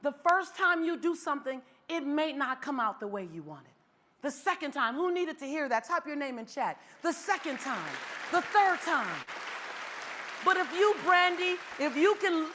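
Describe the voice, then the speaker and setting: Woman in her 40s, motivational speaker, high voice, storytelling keynote, repeats rallying lines. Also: moderate pace, a crowd in the background, background noise. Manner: animated, repetitive rallying phrases.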